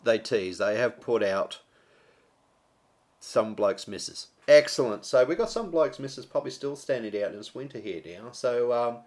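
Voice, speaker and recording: A man's voice: medium pitch, lively intonation, normal speed, darkish tone. A man with an Australian accent hosting a casual radio show, joking with his co-host and reading out news stories. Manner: chatty, jokey, reads news items aloud.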